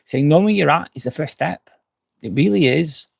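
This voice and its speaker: A man in his forties, slurring and tipsy, rambles on a live stream beside a campsite fire pit at night, swearing a lot and frankly answering comments. His fairly high voice is animated and breathy with vocal fry, at a moderate pace and no echo.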